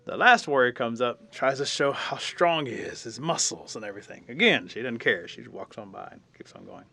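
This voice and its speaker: Man, middle-aged, storyteller, folksy and colloquial, bright voice. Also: medium pitch, sing-song, fairly quick, gravelly, no echo. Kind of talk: oral folk tale telling.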